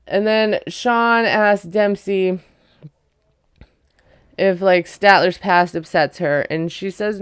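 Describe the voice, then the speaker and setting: A woman's voice: medium pitch, moderate pace, clear, resonant tone, no room sound, clean studio sound. A woman giving a casual, wry recap of a reality show, chatty and full of ums and likes.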